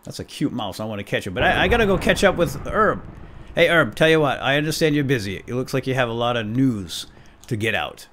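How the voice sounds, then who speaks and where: A man's voice: mid-range voice, lively intonation, brisk, background noise. A man hosting a let's play video, giving casual, jokey commentary with frequent exclamations and laughs.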